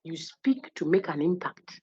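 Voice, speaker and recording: A woman giving a university lecture, animated and teasing, acting out little quotes as she goes. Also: on the low side, a little slow. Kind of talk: lively classroom lecture. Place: lecture hall. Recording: husky, dull lo-fi lecture recording.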